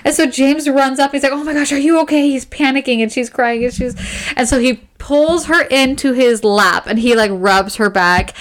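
A woman's voice: high voice, moderate pace. Chatty young woman retelling a story. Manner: animated retelling with acted-out quotes and giggles. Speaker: podcast co-host. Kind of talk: casual book recap chat.

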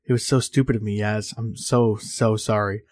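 A remorseful older brother around thirty, read by a man narrating a story, speaking quietly with a lowish voice. He swears now and then, and the sound is dry and close. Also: steady tone, moderate pace, dry recording, natural voice. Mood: regretful. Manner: quiet, apologetic, sometimes swearing.

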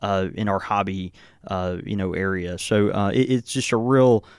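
A man's voice: on the low side, steady tone, normal speed, smooth, dry recording, studio quality. An American man hosting a pipe tobacco podcast, rambling with many fillers and restarts. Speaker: pipe tobacco shop host. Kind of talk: casual podcast chat.

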